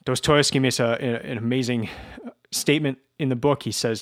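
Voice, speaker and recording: A man giving an informal lecture about a novel, slow and reflective, often repeating his words as he searches for them. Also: medium pitch, steady tone.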